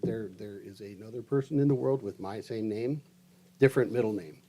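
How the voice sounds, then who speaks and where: A man talking in an easygoing, soft-spoken way as a player in a tabletop role-play. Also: on the low side, a little fast.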